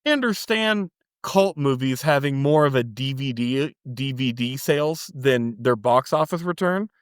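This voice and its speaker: A man's voice: medium pitch, animated, moderate pace, clear, resonant tone, no room sound. Texas guy hosting a movie podcast, joking and cursing, dry headset sound. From East Texas. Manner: brash, joking, profane. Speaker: podcast host. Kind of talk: casual podcast chat.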